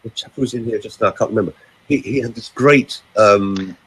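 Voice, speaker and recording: A man's voice: lowish voice, brisk, fairly bright tone, slightly rough, poor audio. An older man, a vocal coach and voiceover actor from the United Kingdom, chatting casually and theatrically through anecdotes. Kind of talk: casual chat.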